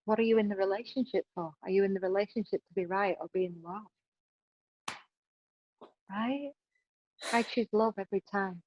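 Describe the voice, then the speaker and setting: A woman's voice: medium pitch, moderate pace, long pauses, no echo. Woman giving advice, dull dry audio. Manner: emphatic, keeps adding "right?". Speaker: podcast guest. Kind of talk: relationship advice conversation.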